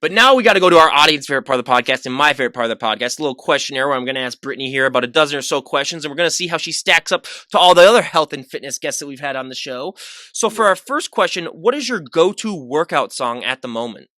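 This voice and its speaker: A man's voice: on the high side, lively intonation, very fast, sharp tone, no echo, studio quality. A man hosting a podcast, chatting casually with an upbeat, rambling manner. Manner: upbeat, rambling, laughs easily. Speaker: podcast host. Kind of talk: casual interview chat.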